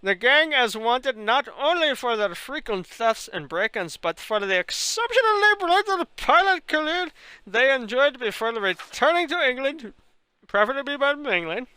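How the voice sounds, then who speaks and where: A man's voice: very high voice, big pitch swings, moderate pace, pushed and bright, clean tone, no echo, pitched above the performer's own voice, heavily acted. A man reading a newspaper notice aloud in a put-on, exaggerated Indian accent with a sing-song, pompous delivery. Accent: mock Indian.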